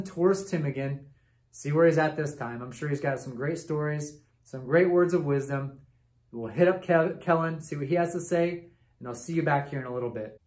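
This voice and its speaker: Fairly high-voiced man hosting a kids' lesson. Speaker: children's ministry host. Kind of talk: children's ministry lesson.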